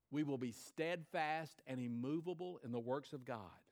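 A man preaching a sermon to his church, emphatic, rising high and loud then dropping low and quiet. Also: normal speed. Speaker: pastor.

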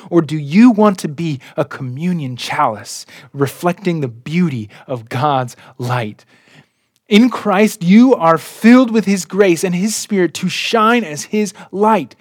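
Man, pastor preaching a sermon, earnest, slow, high voice, dry close sound. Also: dry recording.

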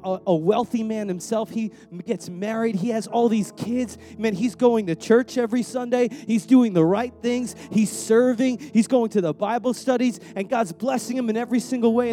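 A man's voice: very high-pitched, fairly even intonation, a little fast, few pauses, dark tone, faint music behind. A young adult male preacher giving a sermon in a conversational, slangy way, often repeating words.

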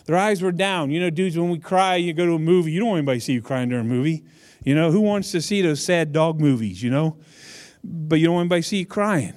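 High-voiced man preaching casually. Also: fast, a little mellow. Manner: chatty, humorous, addresses audience directly. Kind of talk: casual conversational sermon.

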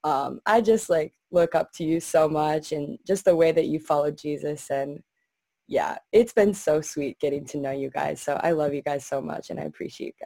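A woman's voice: low-pitched, normal speed, vocal fry, dark tone, no echo. A young woman on a video call gushes about two friends, saying "like" often. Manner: gushing, says "like" a lot. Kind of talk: heartfelt casual tribute.

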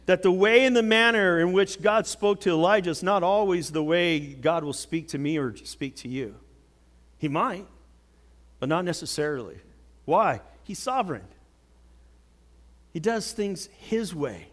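A man preaching a sermon, telling a Bible story with dramatic swings from loud outbursts to hushed words. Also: high voice, lively intonation, measured pace, long pauses. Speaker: pastor.

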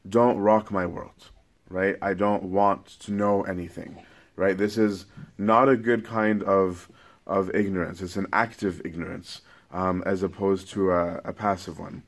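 A man's voice: low-pitched, flat delivery, measured pace. A man teaching scripture in a casual, conversational sermon, often tagging his points with "right?". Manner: casual, keeps checking in with "right?". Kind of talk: conversational Bible-study sermon.

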